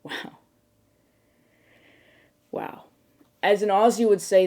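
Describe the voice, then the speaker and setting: A woman's voice: lowish voice, moderate pace, darkish tone. A woman hosting a parody late-night show, delivering a mock-serious monologue that swings into outraged, swearing rants.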